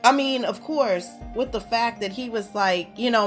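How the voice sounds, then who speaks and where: A woman's voice: a little high, moderate pace, soft background music. A woman in her thirties hosting a podcast, telling stories in a casual, profane way and mocking the people she quotes. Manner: profane, animated storytelling with mocking quoted voices. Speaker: podcast host. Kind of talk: casual explicit monologue.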